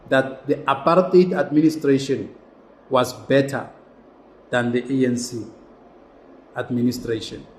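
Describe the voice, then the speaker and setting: South African man, podcast host, passionate rant, mid pitch, echoey room. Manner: impassioned, ranting, repetitive. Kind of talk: casual political commentary monologue.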